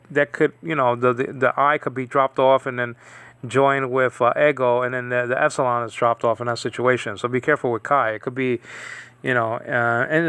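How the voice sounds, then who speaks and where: A man's voice: mid-range voice, bright, forceful tone, clear, resonant tone, dry recording. Rambling man teaching Greek letters. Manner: rambling, digressive, many restarts. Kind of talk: casual online Greek lesson.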